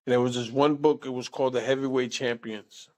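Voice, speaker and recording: Older male guest, animated, salty storyteller, mid-range voice. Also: medium pitch, brisk. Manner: animated, salty, repeats words and says "man" often. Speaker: interview guest. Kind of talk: casual storytelling.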